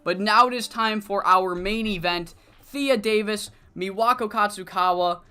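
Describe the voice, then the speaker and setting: A male streamer gives unhurried, casual let's-play commentary over faint background music. He thinks out loud, swears freely, and pitches his voice on the high side. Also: clean tone. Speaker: streamer running a wrestling promotion game.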